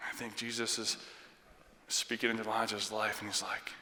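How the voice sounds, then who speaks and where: A man's voice: on the low side, little pitch movement, moderate pace, pushed and bright. A man in his thirties preaching a sermon in a conversational way, often checking in with his listeners. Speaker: pastor. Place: church sanctuary. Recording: long reverb of a church hall.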